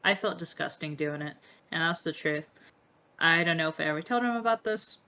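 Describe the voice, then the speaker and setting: A woman's voice: low-pitched, a little fast, pushed and bright. A young woman, not a native English speaker, speaking as an interview guest, emotional and profane, with many fillers. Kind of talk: candid interview conversation.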